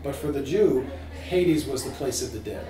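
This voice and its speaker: A man teaching a small group about scripture, informal and animated, asking his listeners questions. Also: mid-range voice, moderate pace, reverberant, far from the mic, a crowd in the background, poor audio. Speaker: priest teaching a catechism class.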